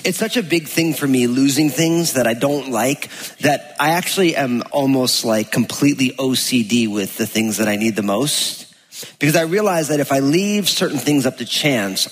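A pastor from New Jersey giving a sermon, telling stories in a chatty way and acting out quotes. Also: male voice, mid-range voice, fairly bright tone, husky. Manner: chatty storytelling, acts out quotes. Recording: long hall reverb.

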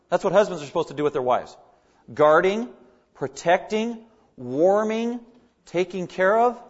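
A man's voice: on the high side, a little fast. Earnest man preaching, lo-fi recording. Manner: earnest, emphatic preaching with rising stress on key words. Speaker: pastor. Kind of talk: sermon.

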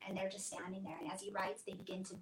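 A woman's voice: medium pitch, monotone, fast, far from the mic. A woman co-hosting a casual Christian podcast, telling a Bible story in an earnest, emphatic way. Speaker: podcast co-host. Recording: echoey room, voice from off mic.

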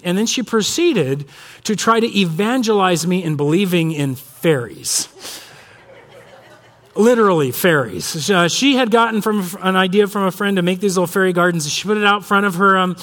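A male pastor giving a conversational sermon that mixes prayer with personal stories, often pausing on fillers. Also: high-pitched, fairly bright tone. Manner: conversational, frequent fillers and restarts. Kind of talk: sermon with storytelling.

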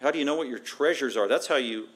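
A middle-aged pastor with a medium-pitched, somewhat bright voice talks fast as he preaches. His sermon is emphatic yet conversational, piling up repeated phrases for stress and breaking into acted quotes.

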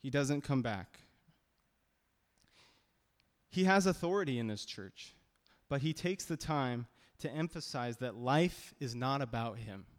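A man preaches as pastor, conversational and emphatic, often restarting his sentences. His medium-pitched voice is animated and moves at a moderate pace, and the recording carries the long reverb of a hall.

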